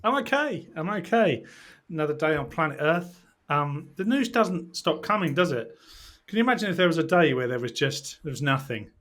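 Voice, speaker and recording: A man's voice: fairly high pitch, expressive, moderate pace, fairly bright tone. Laughing man in wry banter. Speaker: podcast co-host. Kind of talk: casual political podcast chat.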